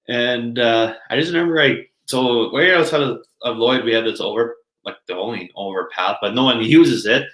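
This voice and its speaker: A man appearing as a podcast guest spins casual stories in a pushed, bright, mid-range voice, brisk and with few pauses. He laughs a lot and fills his talk with fillers, and the room gives an echoey sound.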